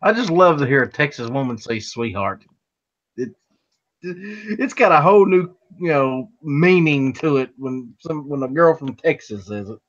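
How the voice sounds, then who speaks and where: Easygoing host, higher male voice, dull sound. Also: animated, normal speed. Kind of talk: casual livestream chat.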